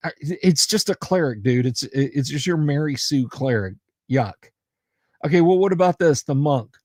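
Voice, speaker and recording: A man chatting on his livestream, rambling and often cutting himself off mid-sentence as he answers viewer comments. His voice sits a little higher than most men's. The sound is close and dry, with no room around it. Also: expressive, normal speed, darkish tone, no echo. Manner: rambling, self-interrupting, chatty. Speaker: livestream host. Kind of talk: casual livestream chat.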